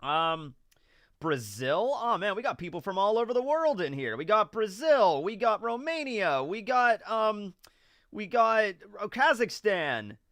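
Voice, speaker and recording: A man's voice: high-pitched, very animated, unhurried, fairly bright tone, dry recording. A young American man casually chatting on a livestream, rambling and joking as he reads viewer messages. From United States. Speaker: livestream host reading chat.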